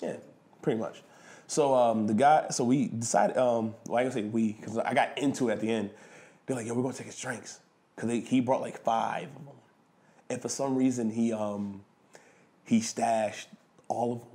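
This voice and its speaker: A man being interviewed, telling a backstage story in slangy casual speech, swearing freely and acting out what others said. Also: mid-range voice. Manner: animated storyteller who acts out quotes loudly. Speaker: wrestler and guest.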